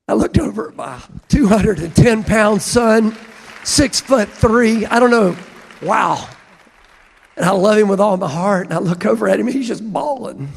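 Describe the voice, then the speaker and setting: Gravelly folksy man in his 50s. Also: high voice, moderate pace. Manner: folksy, emotional, laughs while telling. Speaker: convention speaker. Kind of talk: personal storytelling speech. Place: large convention hall. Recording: long hall reverb.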